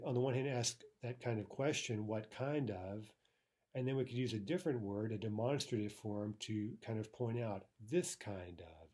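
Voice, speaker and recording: A man teaching a language lesson, explaining grammar with many fillers and repeating each example slowly. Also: medium pitch, dark tone, slightly rough.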